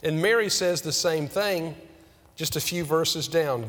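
A man preaching a sermon as pastor, earnest and questioning, slowing down on key words. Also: a little high, fairly bright tone, in a large hall.

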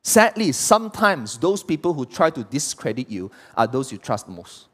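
A man's voice: medium pitch, sing-song, moderate pace. A man, preaching a sermon as pastor and throwing rhetorical questions at the congregation. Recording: long hall reverb.

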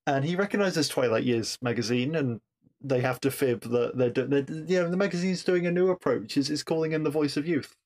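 A man talks through an episode in a relaxed, chatty recap. His voice sits in an ordinary middle pitch, and he sounds amused as he trips over and restarts his sentences. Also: a little fast. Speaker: podcast reviewer.

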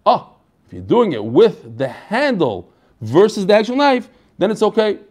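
A man's voice: high voice, wildly swooping pitch, normal speed, a little mellow. A man teaching an online Talmud class in a casual, chatty way, asking questions and answering them himself.

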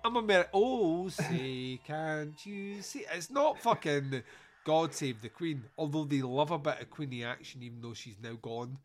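A man's voice: a little high, a little slow. A man hosting a podcast, giving a sweary, jokey movie review and laughing at his own lines. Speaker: podcast host. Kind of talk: casual comedic movie review.

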